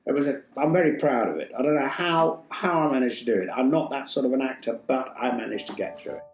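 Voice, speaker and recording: An older man from Yorkshire, a stage actor telling stories in an interview with a theatrical, animated manner. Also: mid-range voice, fast, muffled recording. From Yorkshire, England. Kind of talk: casual interview storytelling. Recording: roomy echo, faint music.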